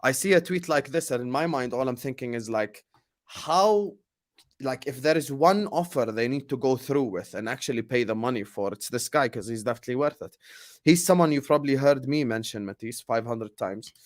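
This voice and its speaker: A man's voice: mid-range voice, a little fast. Casual football channel host, man. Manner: loose, filler-heavy, reads viewer comments.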